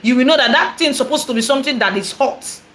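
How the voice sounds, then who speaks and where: A woman with a Nigerian accent, a prophetess telling a personal testimony in an animated, repetitive way, dropping in Igbo phrases. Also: high-pitched, fast. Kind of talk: testimony storytelling.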